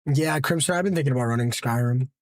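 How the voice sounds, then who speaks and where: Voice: medium pitch, fast talker, no room sound, studio quality. A young adult streamer giving live commentary on a battle royale game, exasperated, repeating disbelieving questions and answering the chat. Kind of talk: live gameplay commentary chatting with viewers.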